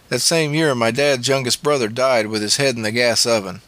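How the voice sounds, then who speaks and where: A man's voice: mid-range voice, fairly even intonation, normal speed, few pauses, fairly bright tone, dry recording. A man narrating a memoir audiobook in a plain, matter-of-fact way.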